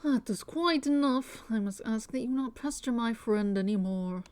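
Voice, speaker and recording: A woman's voice: fairly high pitch, moderate pace, darkish tone, close to an everyday voice. A woman voicing a vain, flamboyant male personal aide who talks pompously with faux-French flourishes. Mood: haughty.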